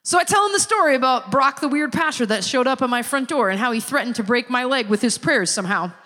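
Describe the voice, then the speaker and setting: High-voiced woman telling her testimony. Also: fast. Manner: lively storyteller who acts out the people she quotes. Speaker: speaker giving a church testimony. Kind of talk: sermon-style personal testimony. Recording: long reverb of a large hall.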